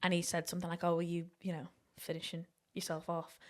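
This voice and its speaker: A woman's voice: lowish voice, completely flat delivery, fast. A young English woman co-hosting a casual podcast. She tells chatty, self-mocking anecdotes in an easy, everyday voice. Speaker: podcast co-host. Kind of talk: casual chat.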